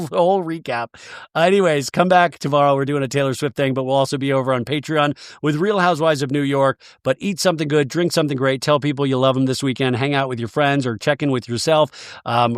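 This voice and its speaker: A man's voice: medium pitch, no echo, studio quality. A man hosting a podcast, recapping a reality show in a casual, comic way and acting out the cast's lines. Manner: animated, quotes cast members in exaggerated voices, swears.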